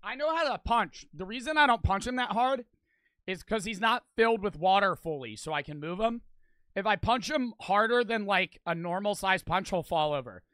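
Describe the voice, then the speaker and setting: A man's voice: high-pitched, expressive, moderate pace, sharp tone, clean tone, dry recording. A young man livestreaming, chatting loosely and crudely with his chat, reading out donations and a little out of breath. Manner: loose, profane, talks straight to chat. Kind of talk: casual live stream chat, reading donations.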